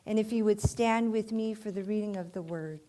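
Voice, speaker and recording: A woman's voice: mid-range voice, brisk, mellow. A woman preaching a sermon in church, often calling "amen?" to the congregation and rising to fervent emphasis.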